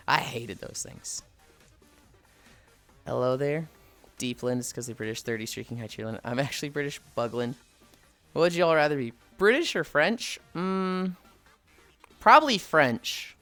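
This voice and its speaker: A streamer talking straight to chat in a loose, profane, opinionated way, the pitch leaping all over the place. The voice is bright and forward and sits dry and close to the mic, with faint music playing underneath. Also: expressive, normal speed, no room sound. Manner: swears freely, reads and answers chat; opinionated, playful ranting. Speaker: livestreamer chatting with viewers.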